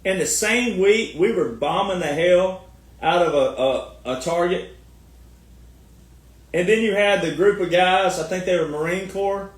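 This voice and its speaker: A sarcastic American man, a military veteran, rants through a mocking commentary and laughs at his own jabs. His voice sits high for a man. It echoes around a room, picked up from some distance. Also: a little slow. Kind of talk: ranting online commentary. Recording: echoey room, far from mic.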